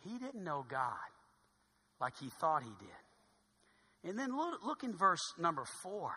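A man, a pastor preaching a sermon in a church sanctuary, swinging from loud exclamations to hushed tones. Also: sits high, sing-song, slow pace, slightly rough. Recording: long hall reverb.

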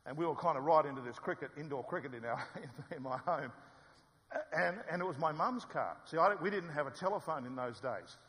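An older man telling a personal story to an audience, lively and self-mocking, acting out what he said back then. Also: fairly high pitch, brisk. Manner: lively, self-mocking, acts out his own past lines. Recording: reverberant hall.

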